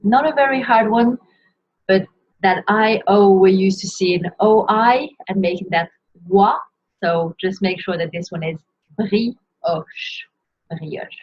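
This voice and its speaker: A woman with a husky, breathy voice gives a pronunciation lesson, saying each word slowly and then repeating it. Her pace is unhurried. The recording sounds dull and lo-fi. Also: medium pitch. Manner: slow, careful word-by-word pronunciation with repetitions. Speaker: French teacher.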